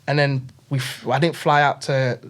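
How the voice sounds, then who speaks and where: A man's voice: medium pitch, little pitch movement, normal speed, fairly bright tone. A man with a London accent, talking casually in slangy street talk as a podcast guest. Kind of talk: casual chat. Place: podcast studio.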